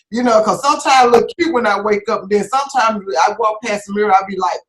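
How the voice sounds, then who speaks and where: A woman's voice: medium pitch, fast, a bit bright, reverberant. Chatty woman interview host. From Mississippi. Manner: chatty, laughs easily. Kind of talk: casual interview chat.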